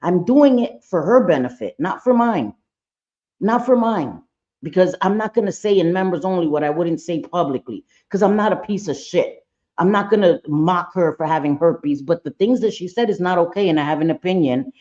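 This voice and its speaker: A woman's voice: lowish voice, animated, moderate pace, dark tone, dull audio. A woman doing a casual livestream reaction, blunt and profane, talking straight to her chat. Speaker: livestream commentator.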